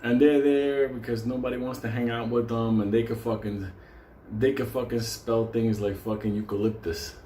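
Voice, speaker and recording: A man's voice: medium pitch, normal speed. Crude, rambling male storyteller. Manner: crude, rambling, animated, acts out voices. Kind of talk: profane comedic storytelling. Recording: roomy sound with faint ambient noise.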